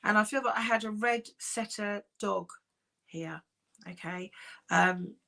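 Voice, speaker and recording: A woman working as a psychic medium, giving live-streamed readings in a soft, reassuring, chatty way with many pauses. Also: medium pitch, gravelly. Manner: soft, reassuring, calls sitters "my darling".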